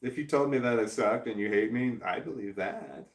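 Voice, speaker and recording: A man's voice: medium pitch, normal speed. A middle-aged man from Missouri chatting on a live stream, reading viewer comments and rambling with many restarts in a self-deprecating, droning way. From Missouri, USA. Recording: echoey room.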